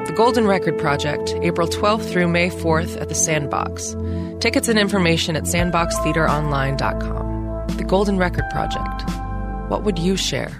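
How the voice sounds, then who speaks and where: A woman with a fairly low voice reads a scripted radio advertisement. Her delivery is measured, earnest and hopeful. A loud music bed plays under her. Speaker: ad narrator.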